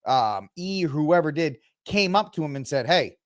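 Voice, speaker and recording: Sarcastic animated male podcast host. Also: on the high side, normal speed, no room sound, clean studio sound. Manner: sarcastic, animated, mocking voices when quoting. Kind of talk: casual commentary podcast.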